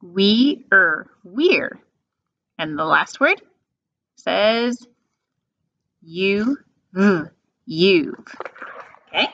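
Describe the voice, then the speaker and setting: Slow, patient woman teaching phonics. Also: mid-range voice, animated, a bit bright, dry recording. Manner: slow, patient, drawn-out sounds. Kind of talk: phonics lesson for young children. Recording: dull lo-fi sound.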